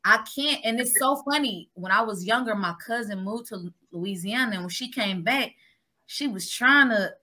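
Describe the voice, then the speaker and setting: A woman actress telling stories in a lively, animated way during a casual podcast chat. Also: fairly high pitch, moderate pace, rough recording. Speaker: guest actress.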